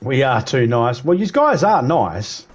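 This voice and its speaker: A man's voice: medium pitch, sing-song, unhurried, breathy edge. An Australian man livestreaming, chatting casually with viewers in a rambling way, swearing freely and mimicking accents. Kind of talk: casual chat.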